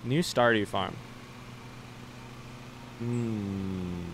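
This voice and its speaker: A man's voice: medium pitch, expressive, moderate pace, pauses often, fairly bright tone, a little hiss or hum. A young man streaming a game live, chatting loosely with viewers and swearing casually as he plays.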